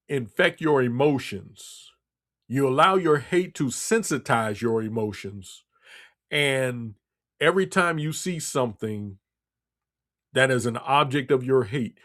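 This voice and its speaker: A man hosting a radio talk show, delivering a blunt, scolding political monologue with lots of repetition. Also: medium pitch. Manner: blunt, scolding, repeats himself.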